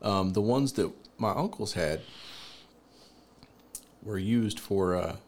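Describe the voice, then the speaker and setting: A man's voice: fairly low pitch, slow. Playful laughing man co-hosting a podcast. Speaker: podcast co-host. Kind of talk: casual chat.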